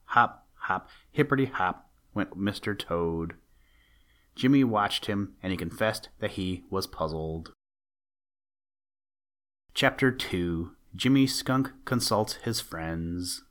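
A man narrating a children's storybook in a gentle, even storytelling manner. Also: on the low side.

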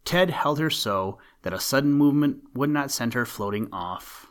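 Man reading a storybook aloud, even and measured, mid pitch. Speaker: narrator.

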